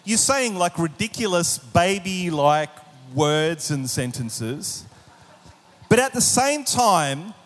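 A man preaching a sermon in an animated way, with humorous asides and acted-out voices. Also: high-pitched, big-room sound. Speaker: pastor.

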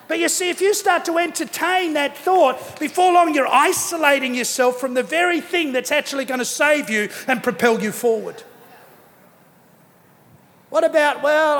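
A middle-aged man preaching in a very high register, pressing his points and repeating them for weight. His voice rings through a big church hall with a long reverb tail. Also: fairly bright tone. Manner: emphatic, repeats key phrases, acts out quoted people. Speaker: pastor. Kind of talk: sermon. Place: church auditorium.

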